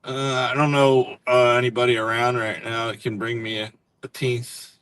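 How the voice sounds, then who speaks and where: A man's voice: medium pitch, level tone, moderate pace, a bit bright, clean tone. A man chatting casually as a guest on a live stream, rambling through his stories and laughing often. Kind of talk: casual chat.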